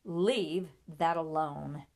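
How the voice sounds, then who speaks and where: A woman voicing a spoiled, quick-tempered young woman who snaps at others with sharp scorn. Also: high-pitched, big pitch swings, voice pushed up, full character voice. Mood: scornful.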